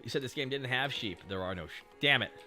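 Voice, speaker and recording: A man's voice: mid-range voice, expressive, fast talker, bright, forceful tone, faint music behind. A man chatting casually and joking with profanity while he streams a game. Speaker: VTuber streamer.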